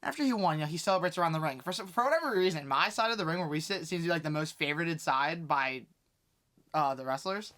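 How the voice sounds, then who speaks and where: An excitable young man chatting on a podcast. His voice is bright and tense, and he rattles on quickly through rambling stories full of fillers. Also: fairly high pitch. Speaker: podcast host, wrestling fan. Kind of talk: casual chat.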